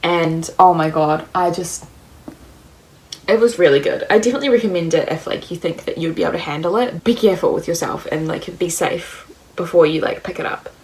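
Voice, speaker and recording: A woman's voice: fairly low pitch, fairly quick, darkish tone, slightly rough. A young woman in her twenties with a New Zealand accent, chatting casually about books and filling her talk with "like". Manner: chatty, lots of "like" fillers. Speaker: book vlogger. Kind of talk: casual chat.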